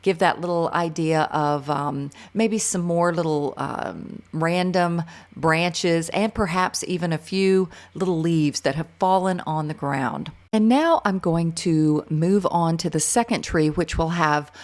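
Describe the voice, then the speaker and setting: A woman's voice: fairly low pitch, measured pace. A middle-aged woman with a faded Southern US accent, from North Carolina, chatting enthusiastically through a real-time painting tutorial and thinking aloud as she works. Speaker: art instructor.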